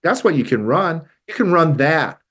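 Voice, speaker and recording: A man hosting a talk show in a studio, delivering an emphatic, indignant political commentary monologue with frequent halting restarts. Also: a little high, very animated, a bit bright.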